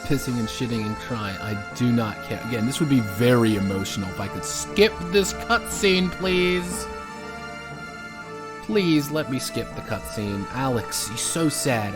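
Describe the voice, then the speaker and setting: A man's voice: mid-range voice, big pitch swings, normal speed, music in the background. A man streaming a video game, commenting sarcastically and swearing as he rambles through the playthrough. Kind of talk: live gameplay commentary.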